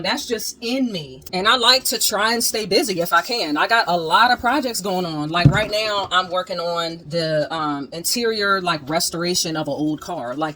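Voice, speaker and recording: A woman with a somewhat low voice chats at home about her DIY projects, candid and slangy, telling stories with lively energy and urging her viewers on. A faint background hum sits under her voice. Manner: candid, animated storyteller, slangy and encouraging. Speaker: DIY channel host. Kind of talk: casual storytime chat to camera. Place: at home, moving between rooms.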